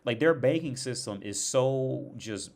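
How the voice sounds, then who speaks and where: A man's voice: mid-range voice, animated, a little slow, darkish tone. A young American man tells a rambling, profane story in a casual rant, full of restarts and exasperation. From United States. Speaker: streamer.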